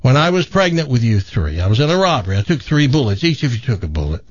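A man voicing a mother who gently reassures her teenage children. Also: mid-range voice, very animated, fast talker, highs cut off. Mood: soothing. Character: calm soothing mother of triplets.

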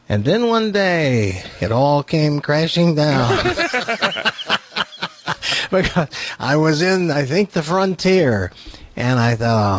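A man's voice: a little high, takes it slowly. An older man telling a story in casual chat, acting out the voices of the people in it. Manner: animated, acts out voices in his anecdotes. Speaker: show regular telling a story.

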